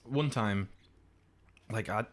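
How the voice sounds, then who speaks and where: Young english bloke on a podcast, lowish voice, sweary rambly stories. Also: male voice, slow pace. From England. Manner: swearing, rambling anecdotes, acts out quotes in a high voice. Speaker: podcast co-host. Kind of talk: casual chat.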